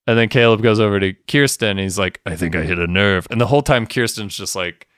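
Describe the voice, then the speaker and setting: Low-voiced man retelling a TV episode casually. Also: quick pace, smooth, no echo, studio quality. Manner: animated retelling, acting out characters' lines, swears and laughs often. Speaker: podcast co-host. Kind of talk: casual chat recapping a TV episode.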